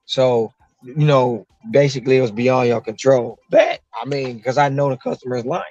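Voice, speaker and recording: A man's voice: mid-range voice, normal speed, a little mellow, dry recording, soft background music. Man, mid voice, delivery driver, emphatic, repeats himself, dull lo-fi sound. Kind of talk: casual chat.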